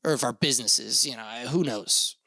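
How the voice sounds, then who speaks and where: A man's voice: medium pitch, moderate pace, vocal fry, pushed and bright, no room sound. A young man hosting a solo podcast, rambling casually with lots of fillers and swearing. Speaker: podcast host.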